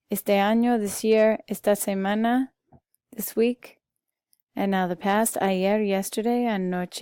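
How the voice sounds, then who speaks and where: Slow, patient woman teaching Spanish. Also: medium pitch, dark tone, clean tone, no echo. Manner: slow, patient, talks through vocabulary lists with fillers. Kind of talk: recorded classroom lesson.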